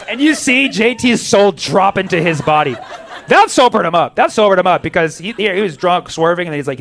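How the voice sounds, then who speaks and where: Stand-up comic, male, slightly high voice, profane riffing delivery, acts out the people in his bits. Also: lively intonation, brisk, gravelly, fairly bright tone, a little hiss or hum. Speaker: stand-up comedian. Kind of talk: stand-up set.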